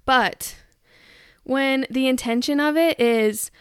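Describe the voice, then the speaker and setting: A woman's voice: a little high, moderate pace, clear, resonant tone, dry recording, studio quality. A young woman vlogging in casual chat, ranting with lots of filler "likes" and acting out quoted voices.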